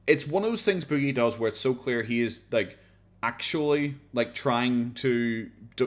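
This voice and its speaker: Sarcastic Irish streamer. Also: male voice, medium pitch. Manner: sarcastic, swears freely, laughs often. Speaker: streamer reacting to videos. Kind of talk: casual commentary.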